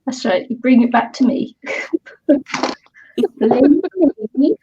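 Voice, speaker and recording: Slow, breathy high-voiced woman. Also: warm tone, no echo. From New Zealand. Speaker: livestream host. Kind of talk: casual chat. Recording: dull lo-fi call audio.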